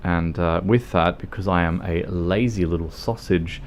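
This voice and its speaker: A man's voice: sits low, moderate pace, slight background noise. An Australian man chatting casually as a livestreamer over gameplay, rambling and joking with plenty of swearing. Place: home streaming setup.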